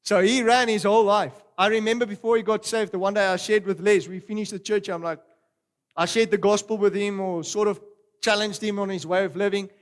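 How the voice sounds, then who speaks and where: A middle-aged man preaching a sermon, animated and swinging between loud exclamations and quiet storytelling. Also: high-pitched, brisk, smooth. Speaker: pastor.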